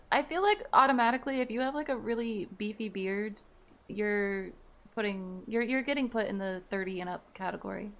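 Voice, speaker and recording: A woman's voice: fairly high pitch, fairly bright tone. A woman in her thirties casually chatting with viewers on a live stream, laughing easily and reading their messages aloud. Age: 30s.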